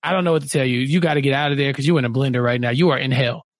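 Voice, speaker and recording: A man's voice: medium pitch, fairly even intonation, racing, dry recording, clean studio sound. A man co-hosting a podcast, ranting in an exasperated, exclamatory way during a casual reality-show recap over a video call. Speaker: podcast co-host.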